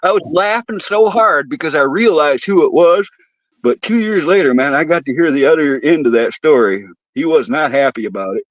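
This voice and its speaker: A man telling stories as a podcast guest, animated and profane, acting out voices and sounds. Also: on the high side, normal speed, no room sound, rough recording. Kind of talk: casual storytelling.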